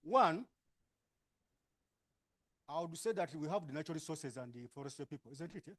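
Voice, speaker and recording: A man with a Ugandan English accent runs a workshop, splitting participants into groups with brisk instructions and plenty of tag questions. His voice is fairly high, animated, and a bit bright.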